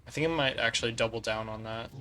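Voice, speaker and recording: A man's voice: medium pitch, fast talker, sharp tone, a little hiss or hum. A man streaming a strategy game, talking through his tactics and chatting with viewers as he plays. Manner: analytical, talks through tactics while playing; chats with viewers between moves. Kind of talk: casual gameplay commentary.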